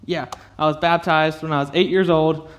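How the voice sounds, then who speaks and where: Nervous young man, higher voice. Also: steady tone, fairly bright tone. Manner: nervous, halting, many fillers and nervous laughs; emotional, close to tears. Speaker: youth speaker giving a testimony. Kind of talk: personal testimony to a youth group.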